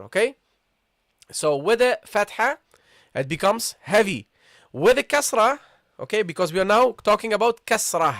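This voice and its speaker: A man teaching an online Arabic lesson live, repeating points and checking in with viewers after nearly every phrase, and sounding out letters slowly for them to copy. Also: high voice, a bit bright, dry recording, studio quality. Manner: repetitive, checks in with "okay?" and "guys"; models pronunciations slowly.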